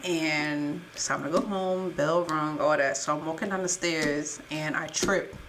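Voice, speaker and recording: Lowish-voiced young woman, chatty. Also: steady tone, a little slow, a bit bright, slight background noise. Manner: chatty, laughs at herself, lots of fillers. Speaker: podcast co-host. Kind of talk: casual chat, storytelling.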